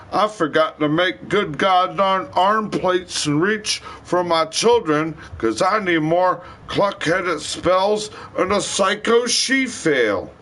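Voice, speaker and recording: A man's voice: high voice, sharp tone. A man livestreaming a rambling, profane rant in heavy slang.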